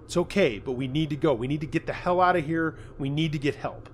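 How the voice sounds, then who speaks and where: A man voicing a steady reassuring young man. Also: a little high, quick pace, slight background noise, close to an everyday voice. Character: young man calming his friend.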